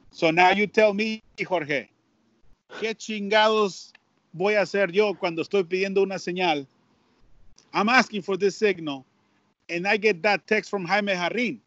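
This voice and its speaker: A man with a notably high voice tells a story in an animated way, repeating words and mixing in Spanish. The sound is dry and somewhat dull. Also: moderate pace, dry recording. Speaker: baseball broadcaster, guest. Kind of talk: storytelling in an interview. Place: at home.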